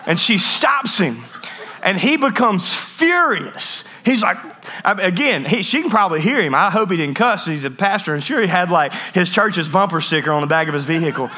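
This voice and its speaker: A man's voice: high voice, lively intonation, normal speed, pushed and bright. A man in his thirties preaching a humorous sermon, telling a story with jokey asides and frequent restarts. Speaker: pastor.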